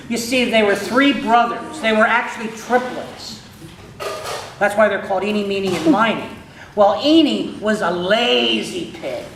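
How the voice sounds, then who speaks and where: A man telling a story to children in a playful manner, asking his listeners questions, heard in an echoey room with listeners around. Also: high voice.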